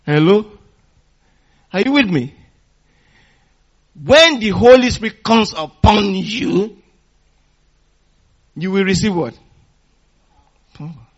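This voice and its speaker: A man preaching a sermon in a call-and-response manner, repeating phrases for emphasis and swinging between loud exhortation and quiet teaching. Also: high-pitched, lively intonation, slow pace, long pauses, highs cut off.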